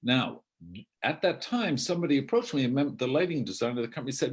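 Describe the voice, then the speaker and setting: A man's voice: mid-range voice, expressive, brisk, breathy edge. An older man, a theatre director, telling rambling anecdotes with many self-corrections and asides. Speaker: outgoing theatre artistic director.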